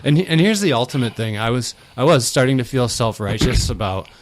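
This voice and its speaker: A man's voice: mid-range voice, expressive, fairly quick. A man hosting a casual podcast, rambling animatedly and often laughing as he talks. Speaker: podcast host.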